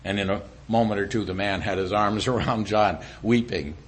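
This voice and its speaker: A middle-aged man preaching a sermon in an animated way, dropping to a hushed voice when he speaks as God. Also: fairly low pitch, normal speed, slight background noise. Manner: animated preaching, drops to a quiet voice for God's lines. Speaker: pastor.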